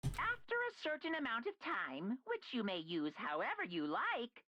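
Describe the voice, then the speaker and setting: A woman voicing a gleeful, menacing bear mascot who announces in a shrill, sing-song, theatrical drawl in a video game. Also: huge pitch swings, normal speed, bright, forceful tone, dull audio, slight background noise, full character voice.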